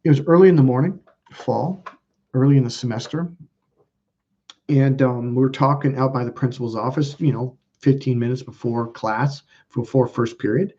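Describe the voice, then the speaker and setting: A man's voice: mid-range voice, moderate pace, dark tone, muffled recording. A man telling a personal story as a self-help video host, rambling and cutting himself off mid-sentence. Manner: rambling, self-interrupting, casual with profanity.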